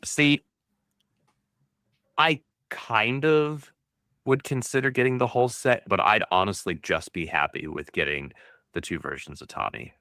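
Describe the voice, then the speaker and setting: A man's voice: lowish voice, fairly even intonation, measured pace, long pauses, bright, forceful tone, dry recording, clean studio sound. A laid-back man in a casual pop culture chat, dropping wry one-liners. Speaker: podcast co-host.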